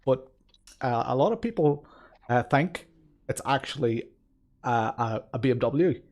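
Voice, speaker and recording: A man putting on a Belfast accent for fun, speaking in a halting, chuckling, drawn-out way. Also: mid-range voice, expressive, darkish tone. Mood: cheery. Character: cheery man from Belfast, a put-on impression.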